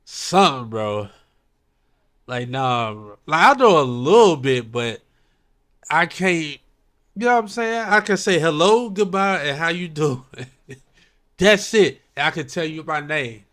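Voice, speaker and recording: A man hosts a relaxed chat, speaking slowly. His pitch rises and falls a great deal as he reacts and gives advice in drawn-out slang. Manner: slow laid-back reactions, drawn-out slang. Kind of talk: casual chat.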